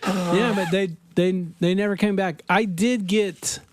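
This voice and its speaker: A man's voice: sits high, steady tone, a little slow, no echo. A man telling a story in casual chat as a podcast guest, laughing often as he talks. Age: adult.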